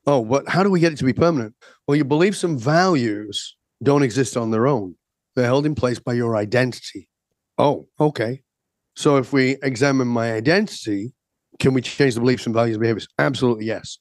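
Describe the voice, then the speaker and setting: A man coaching and telling stories with emphatic energy, voicing both sides of quick exchanges. His voice sits at an ordinary middle pitch, and the recording is dry and close. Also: no room sound. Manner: acts out dialogue in quick back-and-forth, emphatic. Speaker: transformation coach, guest. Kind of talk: animated storytelling in conversation.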